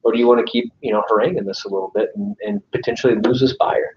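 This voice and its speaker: Very animated and fast, a sales trainer with a mid-range, darkish voice leads a casual training talk before a live meeting-room audience. He keeps asking "right?" and plays out phone calls with clients. The recording is echoey, distant, and dull, with slight background noise.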